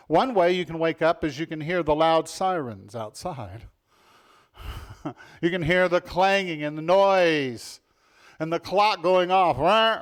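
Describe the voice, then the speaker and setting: A male pastor preaching a sermon in an animated way, dropping to soft, intimate passages and rising to loud, emphatic ones, often asking the congregation questions and laughing. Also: mid-range voice.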